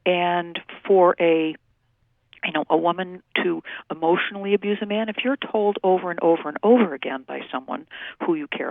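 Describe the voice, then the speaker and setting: Woman on the phone, gravelly voice, tinny line, slow careful explaining with lots of ums. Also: on the low side, dry recording. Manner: measured, explanatory, with many fillers. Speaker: domestic violence program staff. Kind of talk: phone-in radio interview. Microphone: telephone.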